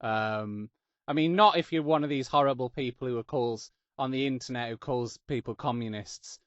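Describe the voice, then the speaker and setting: A man's voice: mid-range voice, normal speed, dry recording. A man from Yorkshire hosting a casual interview, with a neutral English accent that has a slight Northern edge, chatty and joking. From Yorkshire, England. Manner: chatty, joking, self-deprecating. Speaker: podcast host. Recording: dull lo-fi dry sound.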